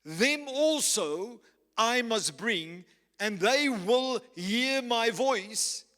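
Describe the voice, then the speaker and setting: A male pastor preaching a sermon, slow and emphatic, repeating key phrases. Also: very high-pitched, lively intonation, sharp tone. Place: church. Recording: reverberant church hall with faint music.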